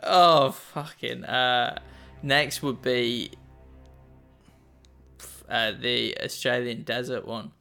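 Bright-voiced joking young man. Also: medium pitch, fairly even intonation, very slow, vocal fry, long pauses, soft background music. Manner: joking, swears casually. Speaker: podcast co-host answering quiz questions. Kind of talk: casual banter.

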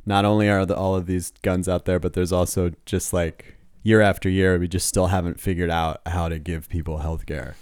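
A man's voice: low-pitched, level tone, normal speed, a little mellow, smooth, no room sound, clean studio sound. An American man, a young adult, chatting as a comedian guest on a podcast, laid-back and swearing freely. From United States. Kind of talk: casual podcast chat.

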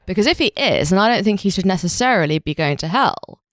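A woman co-hosting a podcast in casual comedic chat, quick and playful, laughing mid-sentence. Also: mid-range voice, expressive, no room sound, clean studio sound. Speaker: podcast co-host.

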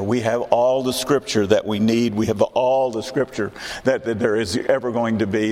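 A man's voice: on the low side, steady tone, moderate pace, hardly any pauses, a little mellow, big-room sound. A man in his sixties preaching a sermon in a church, emphatic and repeating his key questions. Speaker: pastor. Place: church sanctuary.

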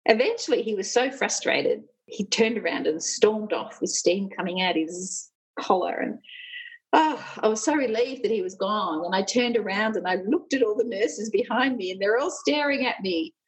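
Husky-voiced woman telling stories. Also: mid-range voice, normal speed, low-quality recording. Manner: candid, animated storytelling. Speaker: union leader and former nurse. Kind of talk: personal storytelling in an interview.

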